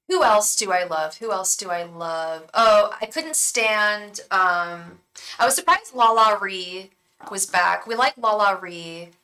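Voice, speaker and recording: A young woman with a bright, sharp-edged voice chats her way through a live tarot reading. She gushes, stumbles over ums and restarts, and drops to a hushed tone to repeat her incantations. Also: medium pitch, low-quality recording. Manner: chatty and effusive, lots of ums and restarts. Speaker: tarot reader and psychic.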